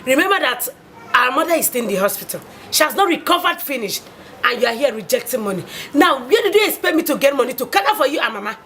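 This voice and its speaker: An actress with a Nigerian accent playing a stern older sister who scolds in disbelief. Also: female voice, sits high, big pitch swings, fast talker, a bit bright, slight background noise. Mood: scolding. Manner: scolding, incredulous.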